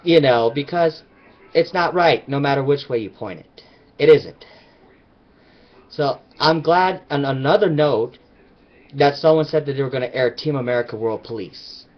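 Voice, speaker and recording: A man's voice: mid-range voice, normal speed, dull audio. A man vlogging his opinions in a rambling, emphatic casual rant.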